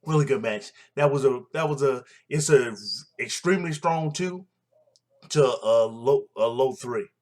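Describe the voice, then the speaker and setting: A man's voice: mid-range voice, unhurried, darkish tone. A man casually recapping a wrestling show, blunt and opinionated, rambling with fillers and restarts.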